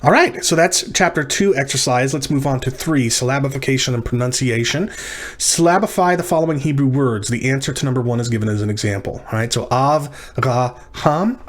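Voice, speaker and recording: Man thinking aloud through a lesson. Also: medium pitch. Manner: thinking aloud, pausing with ums and self-corrections. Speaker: teacher. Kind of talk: recorded lecture walking through exercises.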